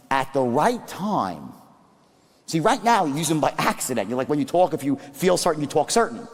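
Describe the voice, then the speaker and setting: Animated man lecturing in an echoing hall. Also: fairly high pitch. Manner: emphatic, animated, quizzes the audience. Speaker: seminar speaker. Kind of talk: live sales seminar talk.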